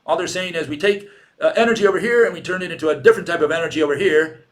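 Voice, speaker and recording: A man's voice: fairly high pitch, rapid-fire. A man with a Latin American Spanish accent giving an informal lecture, sardonic and argumentative, firing off rhetorical questions and mocking the people he quotes.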